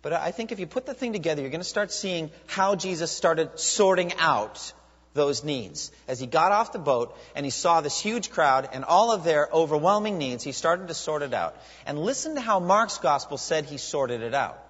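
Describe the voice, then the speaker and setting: A man preaching a sermon as a pastor, animated, with many rhetorical questions. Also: fairly high pitch, moderate pace, husky. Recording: dull lo-fi sound with long hall reverb.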